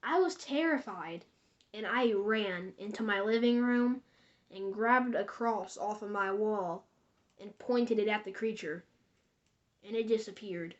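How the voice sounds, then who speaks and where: A woman's voice: medium pitch, unhurried, lo-fi sound. A woman telling horror stories in a rambling, conversational way, speaking directly to her viewers. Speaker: storyteller. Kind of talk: casual spoken horror storytelling.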